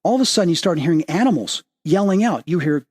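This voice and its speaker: A man hosting an interview as a medium, telling a story with rising excitement and lively quoting of others. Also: quick pace, husky. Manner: excitable, rising pitch when quoting and emphasizing. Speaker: podcast host and medium. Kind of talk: animated storytelling in casual interview.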